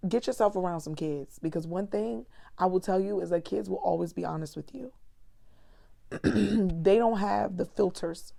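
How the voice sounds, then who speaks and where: A woman's voice: mid-range voice, creaky, mellow. A woman and mother speaking candidly and earnestly in a personal reflective talk to her viewers. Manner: candid, earnest, conversational, sprinkled with "honey" and "girl". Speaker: vlogger.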